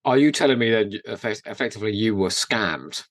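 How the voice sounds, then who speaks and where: A man co-hosting a podcast, talking in an animated, exclaiming way and often breaking into laughter. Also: fairly low pitch, a little fast, no room sound. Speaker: podcast co-host. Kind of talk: casual chat.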